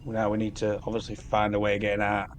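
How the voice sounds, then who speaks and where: A man's voice: lowish voice, completely flat delivery, fast talker, a little hiss or hum. A man playing a tabletop game, casually talking through plans. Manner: casual, plotting plans out loud. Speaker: player.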